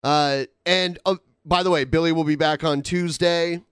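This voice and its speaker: A man's voice: a little high, steady tone, normal speed, fairly bright tone, smooth, no echo, clean studio sound. A man hosting a casual podcast, rambling through announcements and reading donation messages aloud with lots of filler words. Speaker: podcast host.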